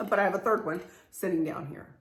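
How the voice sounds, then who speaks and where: A woman's voice: mid-range voice, animated, brisk, slight background noise. A middle-aged woman, talking through a home decor haul in a chatty, confiding way. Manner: chatty, confiding, laughs often. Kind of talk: casual show-and-tell haul video.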